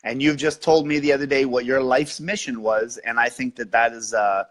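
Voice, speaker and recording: A man's voice: mid-range voice, steady tone, normal speed. A man hosting a podcast interview, supportive and responding with brief affirmations. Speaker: podcast host.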